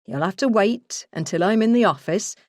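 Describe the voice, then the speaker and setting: A woman reading the part of a calm, unhurried senior male detective. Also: mid-range voice, no room sound, clean studio sound, natural voice.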